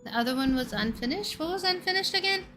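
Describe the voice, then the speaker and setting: A woman's voice: extremely high pitch, lively intonation, fast, bright, forceful tone, soft background music. A young woman streaming, chatting casually and playfully with her chat and stumbling over tongue-twisters.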